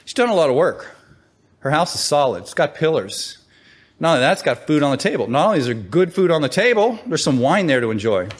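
Speaking briskly, the man delivers his sermon in a lively, talk-like style. He keeps asking the congregation questions and pushes his pitch upward to underline quoted calls.

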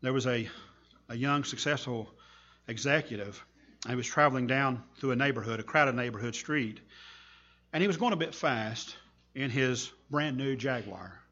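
Husky-voiced man preaching a sermon. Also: medium pitch, pushed and bright, lo-fi sound. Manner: earnest storytelling, slow emphatic pauses. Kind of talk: sermon with a told story.

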